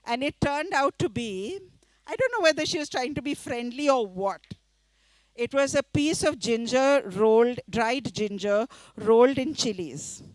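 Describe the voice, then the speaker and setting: Woman from India, middle-aged author, lively storytelling, high voice, dry close sound. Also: measured pace, no echo. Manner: animated storytelling with quoted voices and laughter. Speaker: author giving a reading. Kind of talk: storytelling talk at a literature festival. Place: festival session before a live audience.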